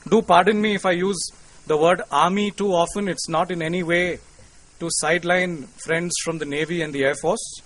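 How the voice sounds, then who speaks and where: A man with an Indian English accent giving a formal, courteous public lecture to an audience, measured and lightly humorous. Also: high-pitched, steady tone, a bit bright, poor audio. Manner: courteous, measured, with cricket quips. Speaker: invited lecturer. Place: lecture hall.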